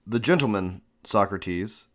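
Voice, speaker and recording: A man voicing a stubborn male accuser in an ancient trial, giving short clipped replies in a low voice. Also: measured pace, a bit bright. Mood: curt.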